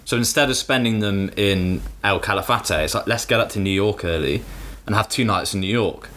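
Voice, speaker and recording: Bright-voiced young British man telling stories. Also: fairly low pitch, brisk. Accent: British English. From England. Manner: animated, swearing, mimics people in quotes. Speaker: podcast co-host. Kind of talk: casual storytelling chat.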